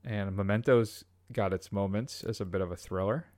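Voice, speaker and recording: A man co-hosts a film podcast, rambling and joking with many fillers in casual comedic film chat. His voice is fairly low, steady, and a little mellow, at a moderate pace on a dry recording.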